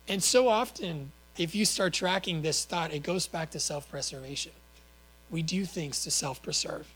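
Earnest male preacher, slightly high voice. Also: a bit bright, rough recording. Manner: earnest, with rhetorical questions and small self-corrections. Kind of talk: sermon.

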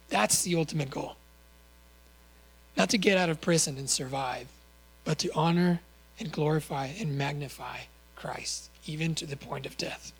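Earnest male preacher, slightly high voice. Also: low-quality recording. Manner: earnest, with rhetorical questions and small self-corrections. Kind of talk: sermon.

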